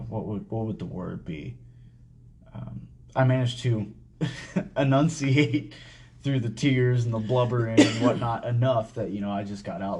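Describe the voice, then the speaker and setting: A man hosting a podcast, telling a personal story in casual talk, halting and full of swearing and fillers. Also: fairly low pitch, a little mellow, a little hiss or hum. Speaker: podcast host.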